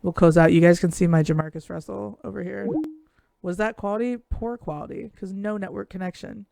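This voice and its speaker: A woman's voice: mid-range voice, brisk, gravelly, dark tone, dry recording, studio quality. A young woman co-hosting a live stream over a video call, telling rambling stories bluntly with plenty of swearing. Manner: blunt, profane, rambling storyteller. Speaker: co-host. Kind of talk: casual live-stream chat.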